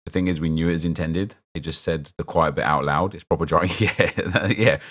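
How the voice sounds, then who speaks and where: A man's voice: low voice, fairly even intonation, fairly quick, a bit bright. A young man chatting casually as he streams a football game, rambling and answering his viewers' chat as he reacts to picks.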